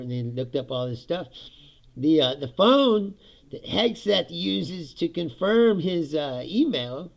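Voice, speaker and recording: A man's voice: high-pitched, creaky, a bit bright. A man doing a casual political rant, sarcastic and profane, laughing often between points. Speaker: political commentary host.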